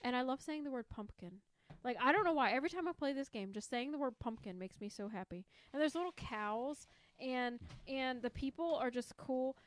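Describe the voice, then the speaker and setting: High-pitched, animated, and fairly quick, a female podcast co-host enthuses about a board game, rambling a little during the casual discussion.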